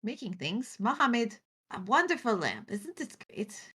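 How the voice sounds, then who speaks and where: A woman voicing an earnest, helpful character that talks about itself in the third person, with a slightly husky voice. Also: on the high side, sing-song, measured pace, pushed and bright, voice pushed up, full character voice.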